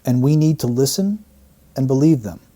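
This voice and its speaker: A man's voice: mid-range voice, lively intonation, moderate pace, mellow. A man analysing an interview clip, explaining the wording of a statement phrase by phrase. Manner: explanatory, breaks down quotes phrase by phrase. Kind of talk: analytical commentary.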